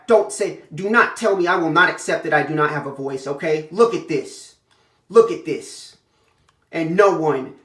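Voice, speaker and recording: A woman in her twenties in an emotional direct-to-camera monologue, tearful, intense and repetitive, swinging between quiet and loud. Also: fairly low pitch. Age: 20s. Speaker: vlogger.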